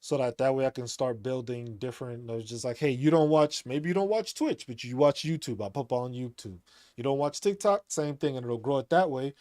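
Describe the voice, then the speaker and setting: A man's voice: medium pitch, brisk, a little mellow, dry recording, studio quality. A man talking casually as a streamer, rambling, repeating himself and laughing often. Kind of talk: casual monologue.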